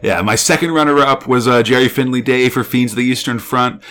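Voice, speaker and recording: This man speaks at a medium pitch with fairly even intonation, a slightly quick pace and a fairly bright tone. He's co-hosting a podcast, chatting casually, enthusiastic and rambling, with plenty of fillers.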